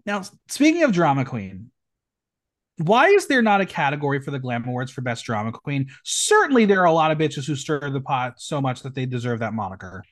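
A man's voice: mid-range voice, fairly quick. A man hosting a podcast, recapping a reality show in a gossipy, campy way. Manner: animated, gossipy, campy asides. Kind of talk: casual chat.

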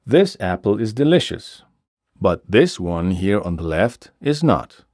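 A man teaching a grammar lesson, explaining slowly and clearly with examples. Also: lowish voice, sing-song, a little mellow, no echo, clean studio sound. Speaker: language teacher.

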